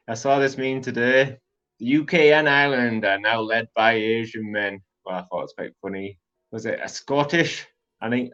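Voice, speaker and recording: A man's voice: mid-range voice, fairly bright tone. A man hosting comedic news commentary, full of sarcastic, mocking asides. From Teesside, England. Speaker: host. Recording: dull lo-fi audio with faint music.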